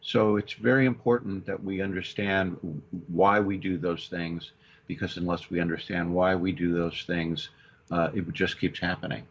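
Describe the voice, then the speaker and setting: Man, very deep voice, halting, radio talk show counselor, dull lo-fi sound. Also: fairly even intonation. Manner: halting, many restarts and fillers. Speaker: co-host, counselor. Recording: dull lo-fi radio audio with faint hiss.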